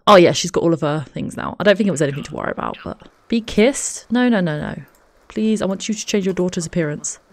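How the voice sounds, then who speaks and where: A woman's voice: lowish voice, expressive, quick pace. Chatty woman doing game commentary. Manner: chatty, talks to her game characters, frequent light laughs. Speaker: let's play host. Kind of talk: casual gameplay commentary.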